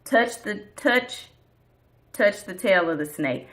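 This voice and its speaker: A woman voicing God as a calm, firm male figure in a retold story, speaking plainly and a little lower. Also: slow pace.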